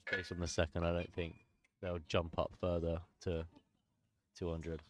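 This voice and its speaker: Deep-voiced man co-commentating powerlifting. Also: noisy background. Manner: relaxed, laughs often, quick asides. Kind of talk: live sports commentary, casual chat.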